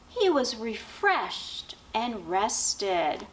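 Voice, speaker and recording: A woman teacher reading a children's picture book aloud with expressive, drawn-out storytelling, asking questions of young listeners. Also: on the high side, a little hiss or hum. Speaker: teacher and education dean.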